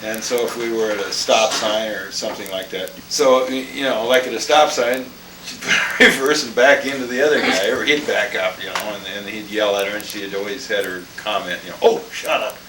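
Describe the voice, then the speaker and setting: A man's voice: lowish voice, fairly even intonation, brisk. An older man casually telling rambling family anecdotes, chuckling as he goes. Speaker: storyteller. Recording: echoey room, mic far off, clear background noise.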